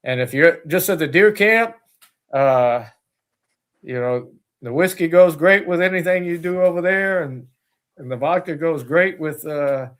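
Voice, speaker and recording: A man's voice: a little high, measured pace, a bit bright. A man, the owner of a distillery, talking as a guest in a casual interview, rambling with many fillers and restarts.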